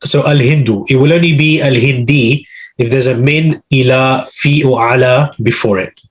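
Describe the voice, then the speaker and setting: A man teaching Arabic over a video call, with a slightly husky voice. He runs through the vocabulary one word at a time and explains each grammar point patiently. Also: mid-range voice, moderate pace. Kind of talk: online class teaching.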